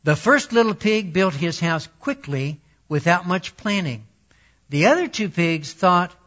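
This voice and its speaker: A man reading a children's story aloud in a slightly raised voice. He speaks very slowly and deliberately, taking each sentence in turn. The recording has a dull, lo-fi sound. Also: high voice, animated, a bit bright. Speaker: storyteller and Bible teacher.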